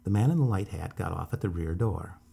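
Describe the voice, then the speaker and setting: Gravelly, low-voiced male storyteller. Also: brisk, dark tone. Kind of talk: bedtime story reading.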